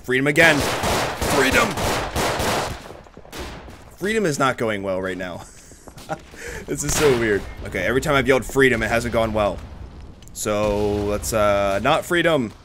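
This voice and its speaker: A man giving excitable, profane gameplay commentary, shouting battle cries while he plays. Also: on the low side, normal speed, background noise. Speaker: gaming YouTuber. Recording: game music and gunfire behind. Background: game music and gunfire.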